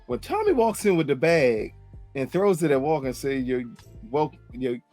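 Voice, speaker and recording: A man co-hosting a casual TV recap show, animated and jokey. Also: on the high side, a little fast, faint music behind. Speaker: co-host.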